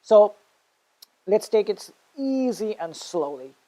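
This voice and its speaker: A woman's voice: mid-range voice, sing-song, takes it slowly, warm tone, low-quality recording. A woman teaching an online English pronunciation lesson. She explains patiently and often checks in with "okay?".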